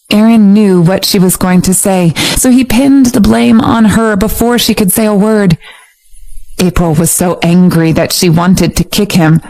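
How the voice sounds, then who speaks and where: A woman narrating a romance audiobook in a steady, even storytelling voice. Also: medium pitch, unhurried, rough recording. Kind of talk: scripted narration.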